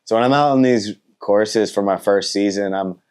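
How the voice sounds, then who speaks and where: A man's voice: fairly low pitch, normal speed, darkish tone, clear, resonant tone. A man of thirty answering interview questions in a casual, polite way, with many fillers and a trailing-off delivery. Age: 30s. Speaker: motorcycle racer and content creator.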